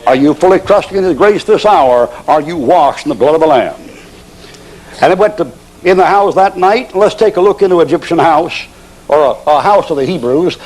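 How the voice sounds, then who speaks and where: A folksy preacher, a man with a fairly high voice, spinning a sermon story. He slips into the characters' voices as he goes and chuckles along. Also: darkish tone, poor audio.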